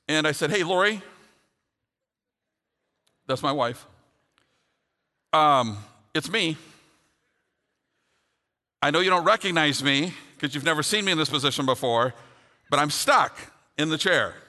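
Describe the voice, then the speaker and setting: A man's voice: a little high, pushed and bright. A middle-aged man preaching a sermon, earnest and then telling a funny personal story. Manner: earnest, builds to humorous storytelling. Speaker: pastor. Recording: long hall reverb.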